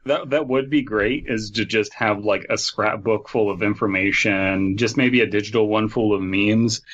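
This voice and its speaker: A man's voice: lowish voice, moderate pace, fairly bright tone. A man co-hosting a podcast, telling stories in a rambling way with many fillers. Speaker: podcast co-host. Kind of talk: casual storytelling chat. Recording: dull lo-fi mic.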